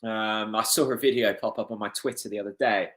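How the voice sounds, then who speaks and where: A young man hosting a live football watchalong, excitable and getting hoarse. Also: fairly low pitch, a little fast. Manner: excitable, swings from calm chat to shouting at goals. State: losing his voice. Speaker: fan watchalong host.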